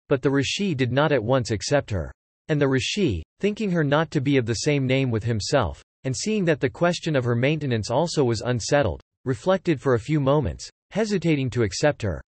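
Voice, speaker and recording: A man narrating an ancient epic, reading the archaic text in a measured, formal way. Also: medium pitch, no room sound.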